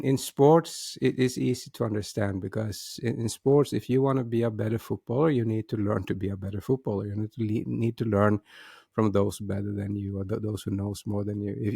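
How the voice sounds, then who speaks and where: A man with a gravelly, creaky voice hosts a casual talk show on his own. He often stumbles and restarts his sentences as he talks. The sound is dry and close, with no room echo. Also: mid-range voice. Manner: hesitant, many restarts and repeated words. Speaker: host.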